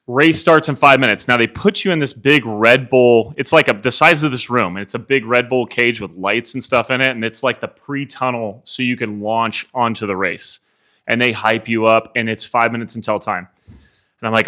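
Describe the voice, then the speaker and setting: Bright-voiced man telling a lively story. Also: mid-range voice, moderate pace. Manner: animated storytelling, acts out his own inner thoughts, swears casually. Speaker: CEO coaching real estate agents. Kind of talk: live coaching story to a room. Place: meeting room with a live audience.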